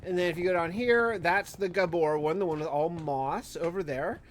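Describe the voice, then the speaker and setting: Guy with a high voice talking over his gameplay, rambly, keeps restarting sentences, gets exasperated. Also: normal speed, slight background noise. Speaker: Minecraft YouTuber. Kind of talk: casual gameplay commentary.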